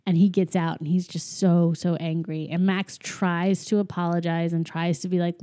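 Mellow-voiced woman recapping a movie. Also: on the low side, normal speed. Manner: animated retelling, acts out quoted lines, frequent "like". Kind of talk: casual movie recap chat.

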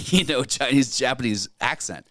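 A man's voice: mid-range voice, normal speed, sharp tone, dry recording, studio quality. A middle-aged man, a comedian, chatting casually on a podcast, rambling and swearing freely with frequent laughs. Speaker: stand-up comedian, podcast co-host. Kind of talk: casual chat.

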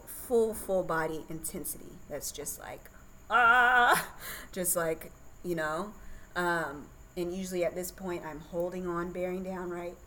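A young woman with a somewhat low-pitched voice talks as a podcast guest. She tells a personal story candidly and chattily, laughing easily along the way. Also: a little hiss or hum, rough recording. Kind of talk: casual birth story telling.

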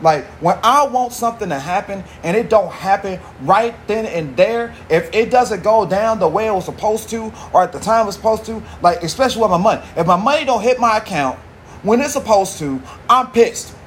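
High-voiced guy doing a solo podcast rant, cussing a lot, slangy, kinda rambly, little bit of hiss behind. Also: lively intonation, a little fast. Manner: profane, rambling, slang-heavy. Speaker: podcast host. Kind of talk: casual monologue.

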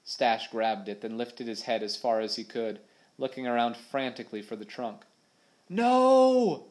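A man's voice: on the low side, flat delivery, moderate pace. A man reading an adventure audiobook aloud in a dramatic, vivid storytelling manner. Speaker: audiobook narrator. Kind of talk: scripted narration.

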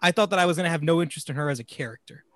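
On a casual film podcast, the male host talks very fast in a slightly high voice, rambling, stumbling over his words, and laughing often. The recording is dry.

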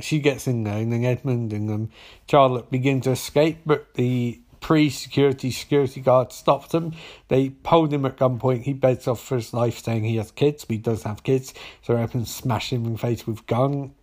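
A man's voice: mid-range voice, normal speed, a little mellow. A man giving a casual, rambling and sarcastic spoken recap of a TV episode, with plenty of swearing.

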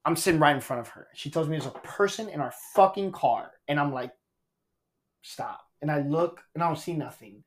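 A man's voice: a little high, fast, hardly any pauses. A man, a stand-up comedian, telling a story on a podcast in a casual, profane way and acting out quotes. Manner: animated, profane, acts out quotes.

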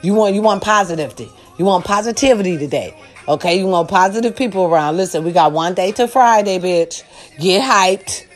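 An older woman giving a loud, sassy, profane pep talk to her followers. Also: mid-range voice, brisk, soft background music. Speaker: vlogger.

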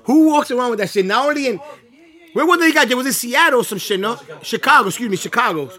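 A man co-hosting a casual podcast, talking loudly and laughing often with plenty of street slang. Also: extremely high pitch, lively intonation, fast talker. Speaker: podcast co-host.

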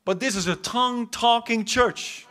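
In a church hall, a South African pastor delivers a charismatic sermon in an unusually high voice, moving between loud, fervent urging and quiet asides. Through a stage mic his tone comes across bright and forceful, and he talks a little slowly.

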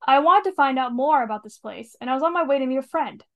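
A woman's voice: sits high, lively intonation, fast, highs cut off, pitched above the performer's own voice. A woman reading aloud the lines of a cheerful male fainting goat adventurer in a storybook. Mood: upbeat. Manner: read aloud casually from a script.

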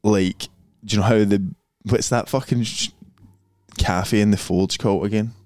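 A man's voice: lowish voice, fairly even intonation, moderate pace, darkish tone, dry recording, studio quality. A young man with a Glaswegian Scottish accent, chatting casually as a podcast host, rambling, swearing freely and laughing often. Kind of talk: casual chat.

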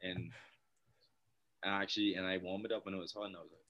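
A young man, a guest on a podcast, telling stories in a laid-back, soft-spoken way with frequent laughs. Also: deep voice, level tone, quick pace, highs cut off. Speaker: guest, professional baseball player. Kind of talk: casual interview chat.

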